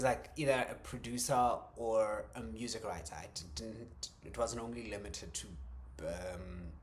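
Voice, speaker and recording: A man talking through a personal creative journal in a reflective vlog, hesitant, with many ums, restarts and soft chuckles. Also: on the low side, slight background noise. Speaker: vlogger.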